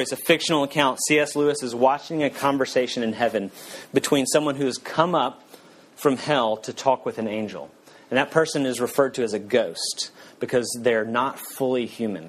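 A male pastor delivers a sermon in an earnest, mid-pitched voice. He slows his words and softens his tone to drive each point home. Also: rough recording. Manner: earnest, slowing and softening for emphasis.

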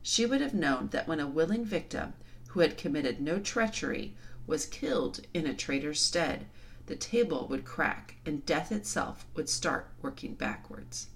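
A majestic male lion speaks in slow, measured tones, voiced by a woman reading a storybook aloud. The voice sits low and solemn yet rises and falls with feeling. He sounds calm and commanding.

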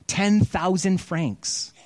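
Animated man retelling a story in a sermon. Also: high voice, drawn-out words, no room sound. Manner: animated retelling with acted-out quotes. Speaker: pastor.

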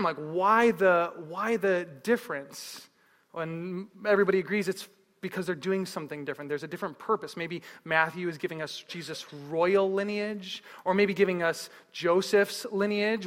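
High, bright-voiced man preaching in a hall. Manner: lively storytelling with repeated rhetorical questions. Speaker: pastor. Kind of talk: sermon.

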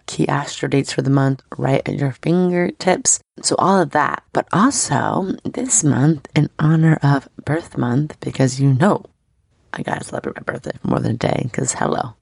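A woman in her thirties chats warmly and effusively as an astrology podcast host. Her voice carries a gravelly fry and some scratchiness. The sound is dry and close to the mic. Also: low voice, no echo. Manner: bubbly, effusive, chatty. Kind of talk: casual podcast chat.

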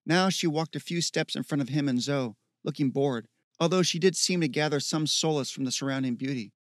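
A man narrating an audiobook in a steady, measured reading. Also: fairly high pitch, no echo, clean studio sound.

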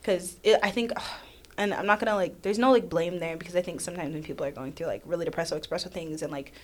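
A woman speaking as a guest in a casual conversation, animated and self-deprecating, often acting out what others said. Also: lowish voice, fast talker. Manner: animated, self-deprecating, acts out quoted voices.

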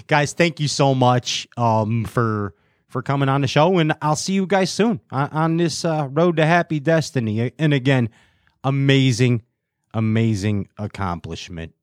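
A man's voice: medium pitch, unhurried, no echo, studio quality. A man hosting a casual show, joking around, riffing and scatting between giveaways. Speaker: show host. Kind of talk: casual livestream show banter.

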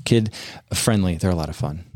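A man's voice: deep voice, normal speed, a little mellow, no room sound, studio quality. A middle-aged man hosting a church podcast, chatting casually with children in an easygoing way, chuckling often, with many fillers and restarts. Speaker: pastor and podcast host.

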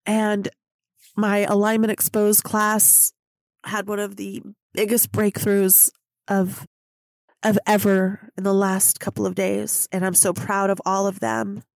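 A woman delivering an inspirational spiritual monologue on her podcast, emotional and affectionate, laughing often. Her voice sits at an ordinary middle pitch. The sound is close and dry, with no room echo. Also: flat delivery, slow, vocal fry. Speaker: podcast host.

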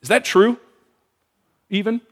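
A man preaching a sermon, asking the congregation questions in an animated way. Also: sits high, slow, in a large hall. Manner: animated, asks the room questions. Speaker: pastor.

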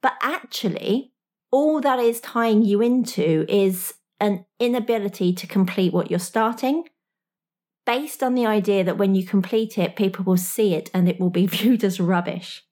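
A woman coaching straight at the listener in a motivational talk. Her voice sits at an ordinary middle pitch. Her delivery is frank and slangy, and she drops in small laughs. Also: moderate pace, a little mellow.

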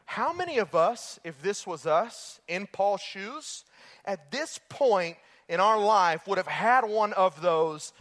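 A man preaching a sermon as pastor, telling the story in an animated way and acting out exasperated outbursts. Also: sits high, slow, big-room sound.

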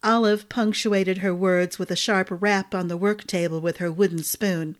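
A woman narrating a fantasy novel chapter in a calm, measured storytelling voice. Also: medium pitch.

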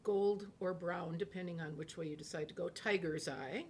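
Woman co-host with quick quips. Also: fairly low pitch, steady tone, a little mellow, slight background noise. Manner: quick quips and encouraging backchannel. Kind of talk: casual chat.

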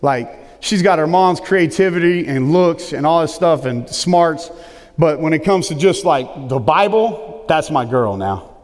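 Booming high-voiced preacher in a reverberant hall. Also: male voice, unhurried. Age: middle-aged. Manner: loud booming preaching voice, lively and emphatic. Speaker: pastor. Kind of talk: sermon. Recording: long reverb of a large hall.

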